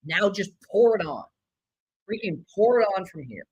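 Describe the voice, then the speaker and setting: A man's voice: high-pitched, moderate pace, breathy edge, highs cut off. A man hosting a live baseball watch-along stream, cheering, griping about players and reading out viewer chat messages. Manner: excitable, swings from cheering to griping; reads out viewer chat names. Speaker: live stream host reacting to a baseball game.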